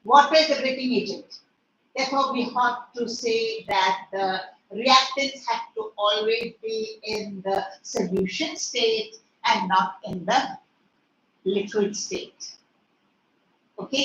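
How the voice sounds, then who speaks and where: A woman's voice: on the high side, a bit bright. Strict, scolding Indian woman teacher. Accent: Indian English. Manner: scolding, strict, asks rapid questions. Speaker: chemistry teacher. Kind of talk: online class lecture. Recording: echoey room, distant mic, faint noise.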